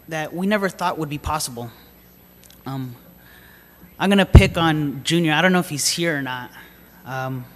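A man's voice: a little high, a bit bright, in a large hall. A man preaching a sermon, reading scripture aloud and then telling a personal story in a casual, hesitant way with many fillers. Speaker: lay preacher.

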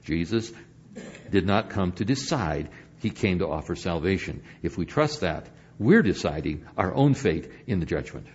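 An older man preaching a sermon as pastor, moving between emphatic points and hushed, quiet stretches. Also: deep voice, animated, normal speed, husky, muffled recording.

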